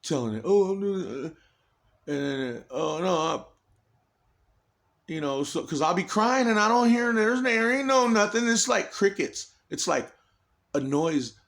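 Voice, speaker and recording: A man's voice: high-pitched, very animated, normal speed, fairly bright tone. A man in an agitated, rambling personal monologue, swearing heavily and restarting his sentences often.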